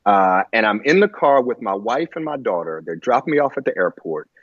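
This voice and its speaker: A man telling a personal story in a halting way, with many fillers and restarts, on a muffled lo-fi recording. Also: lowish voice, very animated, no echo. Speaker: guest. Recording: muffled lo-fi audio.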